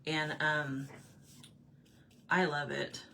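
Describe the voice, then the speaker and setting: A woman's voice: low-pitched, little pitch movement, drawn-out words, creaky, bright, forceful tone, a little hiss or hum. A woman chatting casually with her livestream viewers while she paints at home, answering their comments and laughing often. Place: home room with desk.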